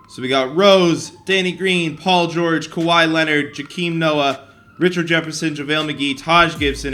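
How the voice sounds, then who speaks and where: A young man commentating over a basketball video game as a gaming YouTuber, excitable and quick to get frustrated. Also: on the high side. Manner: excitable, swings between hype and frustration.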